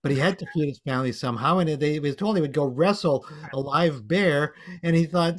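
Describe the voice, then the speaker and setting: A man's voice: fairly high pitch, a little fast, hardly any pauses. A man emceeing an online panel, telling a joke and signing off with playful wordplay over a video call. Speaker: emcee and storyteller. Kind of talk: casual online panel hosting.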